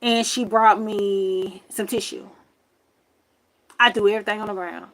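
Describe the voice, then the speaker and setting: A woman in her forties telling a story on a livestream from her grandmother's home, animated and emphatic, swearing freely. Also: mid-range voice, a little slow. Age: 40s. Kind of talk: casual storytelling rant.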